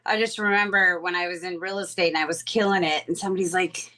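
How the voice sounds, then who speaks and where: Woman, bright and sharp tone, earnest and confiding on a video call. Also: lowish voice, fairly even intonation, fast talker. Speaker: real estate agent. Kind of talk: candid sharing on a group call.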